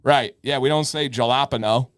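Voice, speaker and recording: On a live advice show, a middle-aged man with an ordinary mid-pitched voice chats casually at normal speed, joking around and playfully arguing with his co-host over small points. The recording is dry and close, with no echo or room sound.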